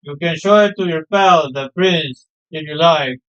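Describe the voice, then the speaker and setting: A hearty, proud fisherman father from a game, homely and sentimental as he spins his stories, read aloud by a man. The voice sits fairly high and sounds smooth and clear. The recording is dull and lo-fi. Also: moderate pace, fairly bright tone, lightly acted. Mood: cheerful. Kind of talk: reading game dialogue aloud.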